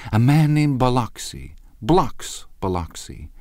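A man's voice: medium pitch, very animated, takes it slowly, darkish tone, no echo, studio quality, pitched above the performer's own voice. A man reading an audiobook, playing a blunt, impatient wealthy young man with a curt, needling delivery.

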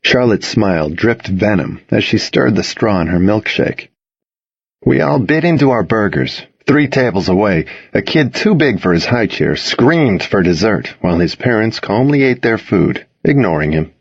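A man reading a first-person story aloud as an audiobook narrator, with a husky tone and expressive storytelling. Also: fairly low pitch, normal speed, no echo. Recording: dull, dry lo-fi reading.

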